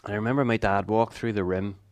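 An earnest preacher in his fifties with a somewhat low voice, telling a personal story with asides and quick laughs. The sound is dry and close, with no room around him. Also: steady tone, no echo.

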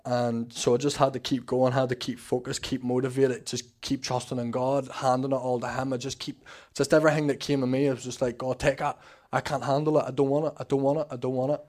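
A man's voice: medium pitch, darkish tone. A Northern Irish man giving a rambling personal testimony at a church service, slightly nervous, full of fillers and restarts. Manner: rambling, many fillers and restarts, acts out quoted talk. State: a bit nervous.

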